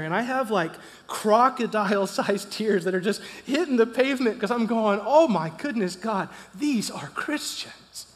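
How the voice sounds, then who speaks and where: A man in his thirties preaching in a church, telling a personal story, animated and swinging from loud to hushed. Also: sits high. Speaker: pastor. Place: church sanctuary. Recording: long reverb of a church hall.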